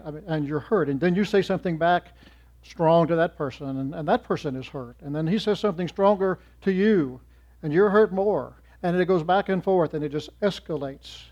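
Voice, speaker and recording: Male preacher, slightly high voice, punches key words then drops to near-whisper endings; muffled lo-fi recording. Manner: swings from loud emphatic rises to soft trailing drops. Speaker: church speaker. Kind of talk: sermon.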